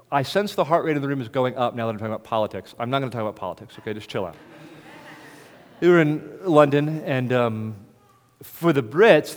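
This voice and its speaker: A man preaching a sermon as the pastor, moving between soft, hushed lines and loud, ringing proclamation. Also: mid-range voice. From United States. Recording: reverberant hall.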